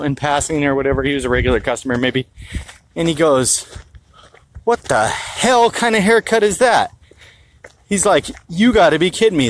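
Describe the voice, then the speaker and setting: A health vlogger tells a story into a phone held low in his hand, rambling and swearing casually. His voice is on the high side, and the poor audio carries slight background noise.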